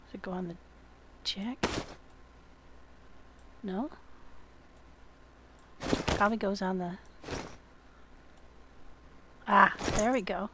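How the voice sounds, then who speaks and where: A woman's voice: mid-range voice, noisy background. A woman hosting a survival game video, chatting with another player and talking to her viewers in a friendly way with many fillers. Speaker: gameplay video host. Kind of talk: gameplay commentary and in-game voice chat.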